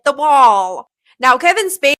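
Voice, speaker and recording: A woman's voice: sits high, big pitch swings, unhurried, a bit bright. A woman narrating movie trivia in a short video, with wry, teasing questions and answers.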